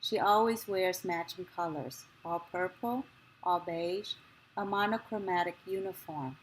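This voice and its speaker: A woman reading a memoir passage aloud, in a slow, measured and gentle way. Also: on the low side, a little hiss or hum, rough recording.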